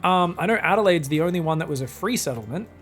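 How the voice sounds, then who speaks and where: A young man casting a strategy game match alone, excitable and crude, swearing freely and joking between plays. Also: fairly high pitch, fast, soft background music. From Australia. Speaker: esports caster. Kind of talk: solo game commentary.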